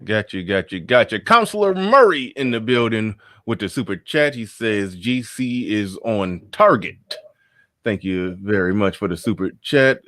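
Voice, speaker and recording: A man hosting a podcast, talking in a relaxed way and repeating his words. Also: lowish voice, measured pace, dry recording. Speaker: host. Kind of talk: casual podcast chat.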